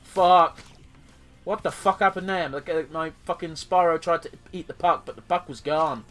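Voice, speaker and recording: Male let's-play host, slightly high voice, loose and sweary, faint music underneath. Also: moderate pace, a bit bright. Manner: sweary, rambling, jokey. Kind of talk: gameplay commentary.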